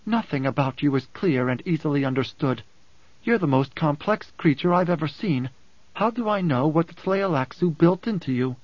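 A man's voice: on the high side, expressive, moderate pace, a little mellow, no echo. A man voicing a fierce, proud teenage girl who snaps and sneers, in an audiobook. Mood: defiant. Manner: defiant, snapping, scornful. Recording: dull dry close recording.

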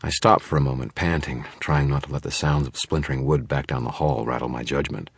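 Very deep, husky male narrator. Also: fairly even intonation, brisk, no room sound, clean studio sound. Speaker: audiobook narrator. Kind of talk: first-person fiction narration.

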